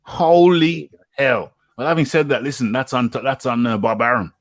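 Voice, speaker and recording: A British man hosting a casual boxing chat, animated and laughing often, repeating his words as he goes. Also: mid-range voice, quick pace, dry recording. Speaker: host.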